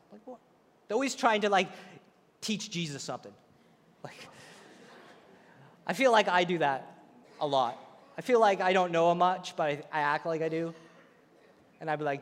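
High-voiced male preacher in a reverberant hall. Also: moderate pace, pauses often. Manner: animated storytelling preaching, acting out quotes. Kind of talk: sermon.

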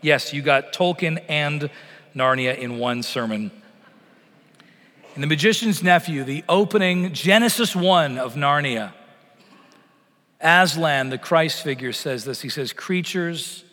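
Middle-aged man, preacher, fairly high voice, long church reverb, rises then falls to a hush. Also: a little slow, pauses often. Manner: swells loud on promises, drops to a near-whisper at the close of phrases. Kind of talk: sermon. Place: church sanctuary.

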